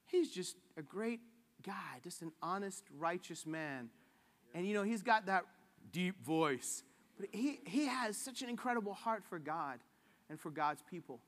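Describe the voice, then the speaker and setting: A man's voice: high voice, very animated, a little slow, fairly bright tone, in a large hall. A man preaching a sermon in a casual, joking way, acting out the voices he quotes. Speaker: pastor.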